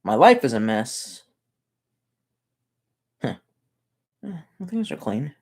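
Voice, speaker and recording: A man with a mid-range, somewhat dark voice talks slowly, his pitch swinging widely, as he livestreams from his messy room at home. He reads viewer comments aloud in a casual chat, rambling, swearing and muttering asides.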